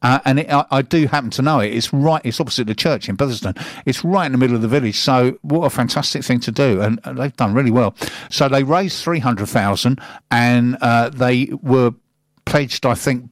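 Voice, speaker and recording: A male local radio presenter, mixing easy chat with read-out news stories. His voice sits at an ordinary middle pitch. The studio sound is dry and close. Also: moderate pace, no echo. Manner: chatty, reads local news items aloud with asides.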